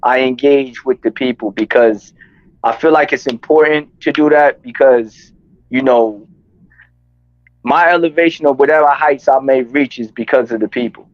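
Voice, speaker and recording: A man's voice: medium pitch, moderate pace, dull audio. A man from New York, a guest artist chatting casually in an interview, laid-back and often checking in with the listener. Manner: laid-back, often adds "you know what I'm saying".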